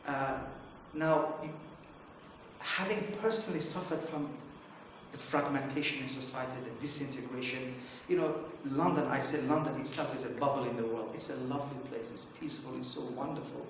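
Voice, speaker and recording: Recorded on a distant mic in an echoey conference hall with a little hiss or hum, a middle-aged man gives informal opening remarks. His mid-range voice is steady and a little fast as he rambles through anecdotes, full of fillers and restarts.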